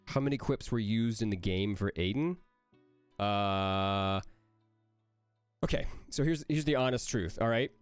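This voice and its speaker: A male voice actor fields chat questions on a casual livestream. He talks in a fairly low voice and rambles with lots of energy, bouncing between jokes and gushing praise, while faint music plays underneath. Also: unhurried, smooth, no echo.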